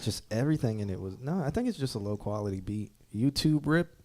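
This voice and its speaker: A man's voice: on the low side, lively intonation, fast, a little mellow. A man hosting a live music-review stream, giving mixing feedback in a casual, thinking-aloud way. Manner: conversational, thinking aloud, trails off. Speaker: host reviewing music submissions.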